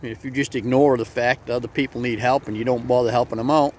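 A man's voice: medium pitch, steady tone, quick pace, slight background noise. A man hosting a motivational vlog, telling a folksy story in a friendly, plain-spoken way. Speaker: vlog host.

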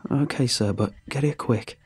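A man voicing a terrified young male soldier trapped alone, breathless and shouting in panic. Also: mid-range voice, moderate pace, husky. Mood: scared.

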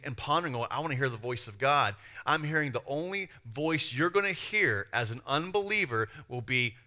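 Bright-voiced man preaching a sermon. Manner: emphatic and conversational, swings from loud stress to low asides. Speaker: pastor.

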